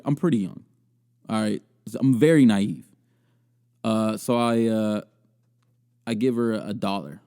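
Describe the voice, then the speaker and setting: A man's voice: fairly low pitch, a little slow, long pauses, warm tone, clear, resonant tone. A young man hosting a podcast, telling a crude story and riffing on a video in a rambling, self-mocking way with frequent laughter. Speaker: podcast host. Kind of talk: casual comedic storytelling and video commentary.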